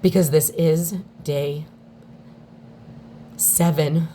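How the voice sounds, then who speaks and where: A woman speaking in an emotional personal video statement, on the verge of tears, with halting, heartfelt delivery and long pauses. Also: sits low, fairly even intonation, mellow, a little hiss or hum. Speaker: mother speaking out in a daily video diary.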